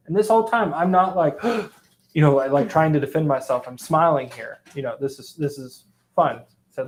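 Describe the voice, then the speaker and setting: A man hosting a sales training talk show, telling stories in a lively, animated way and acting out both sides of a conversation. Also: a little high, moderate pace. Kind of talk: casual storytelling chat.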